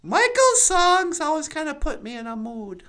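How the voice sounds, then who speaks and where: A performer voicing a chatty, excitable cartoon woman who rambles and giggles as she muses aloud, birds singing around her. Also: high voice, moderate pace, exaggerated voice. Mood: musing. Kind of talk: puppet show monologue.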